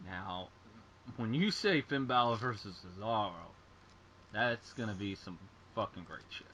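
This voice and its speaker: A man's voice: lowish voice, lively intonation, measured pace, a bit bright, a little hiss or hum, low-quality recording. A man co-hosting a podcast, talking casually and sarcastically about wrestling, swearing freely. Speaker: podcast co-host.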